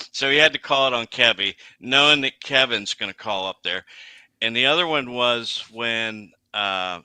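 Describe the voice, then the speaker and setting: A man telling racetrack anecdotes in a casual chat, halting and restarting often. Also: medium pitch, bright, forceful tone, clear, resonant tone, no echo.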